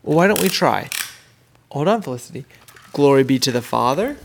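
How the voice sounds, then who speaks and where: Low-voiced mom in her thirties doing a home podcast, gentle and encouraging, teacher vibe. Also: animated, a little fast, vocal fry, slight background noise. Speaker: podcast host and homeschooling mother. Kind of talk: casual family podcast chat.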